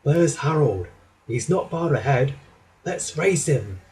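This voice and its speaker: A man doing an excitable train driver. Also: a little high, takes it slowly, a little hiss or hum, low-quality recording. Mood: hushed. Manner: loud and excitable, cheering. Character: excitable adult male train driver, cheering.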